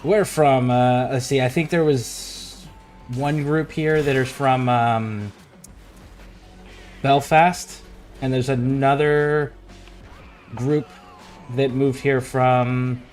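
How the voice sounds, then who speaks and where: Brief: male game streamer, mid-pitched, swears freely and rants with a joking edge. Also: fairly even intonation, slow, long pauses, darkish tone, faint music behind. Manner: profane, ranting, jokey. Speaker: livestream gamer. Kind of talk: casual gaming livestream chat.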